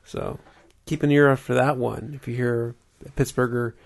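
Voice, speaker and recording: Brief: gravelly-voiced man, relaxed podcast banter, reading bits aloud. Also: medium pitch, normal speed. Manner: reads out facts, laughs easily. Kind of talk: casual chat.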